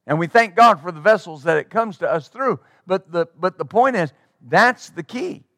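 High-voiced emphatic male pastor. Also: animated, normal speed, fairly bright tone, no echo, studio quality. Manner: emphatic preaching with acted-out quotes. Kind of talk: sermon.

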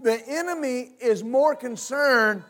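High-voiced man preaching a sermon. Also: a bit bright. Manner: halting restarts with frequent amens and uh; asks the congregation for responses. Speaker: pastor. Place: church service with congregation.

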